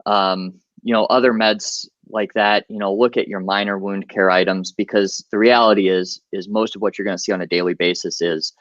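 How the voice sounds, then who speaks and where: A man's voice: lowish voice, fairly even intonation, moderate pace, few pauses, a bit bright, dry recording, dull audio. A male medic talking as a guest on a podcast, practical and chatty, with a lot of "you know" fillers. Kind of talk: casual podcast interview.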